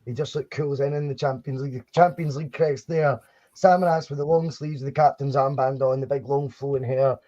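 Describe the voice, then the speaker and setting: A man's voice: mid-range voice, fairly even intonation, a little fast, warm tone. A man co-hosting a live podcast, chatting casually about football kits and restarting his sentences often. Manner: chatty, rambling, frequent restarts. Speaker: podcast co-host. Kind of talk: casual live-stream chat. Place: home studio for a live stream. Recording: dull lo-fi sound.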